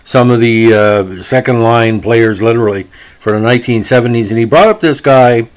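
Casual male podcast host, middle pitch, rambling delivery. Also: moderate pace, smooth, low-quality recording. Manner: rambling, with many fillers and restarts. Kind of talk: casual hockey history podcast.

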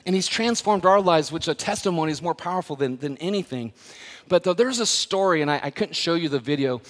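Man, pastor, sermon, high voice, conversational then emphatic, long hall reverb. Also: animated, fairly quick. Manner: conversational, builds to loud emphatic preaching. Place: church sanctuary.

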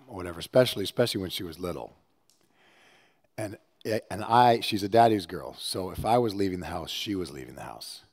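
A male pastor preaching a conversational sermon with personal stories, swinging from hushed, low passages to loud, animated ones. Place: church service.

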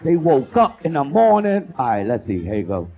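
A man doing a loud, profane stand-up comedy set as host, working the crowd and acting out bits. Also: a little high, moderate pace, creaky. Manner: loud, profane, animated crowd work with acted-out voices.

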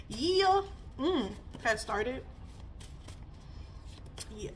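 A woman's voice: high voice, animated, drawn-out words, a little hiss or hum. A woman, giving a chatty spiritual reading full of laughs and sassy asides. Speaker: spiritual reader. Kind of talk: casual spiritual reading vlog.

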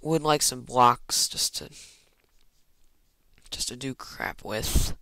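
A Minecraft let's player with a medium-pitched, gravelly, sharp voice talks slowly in a dry recording. His casual gameplay commentary rambles and mocks himself, with muttered asides.

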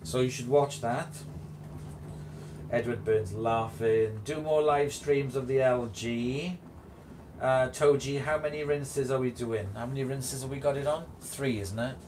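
Male host, casual live-stream chatter, unhurried delivery, giggles often. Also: medium pitch, fairly even intonation, noisy background. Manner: chatty, giggly, reads viewer comments aloud. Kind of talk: casual live-stream chat reading comments.

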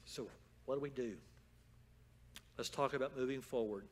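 A man preaching a sermon as pastor in a church, moving from calm storytelling to loud, fervent exhortation. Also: medium pitch, moderate pace, a little hiss or hum. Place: church sanctuary.

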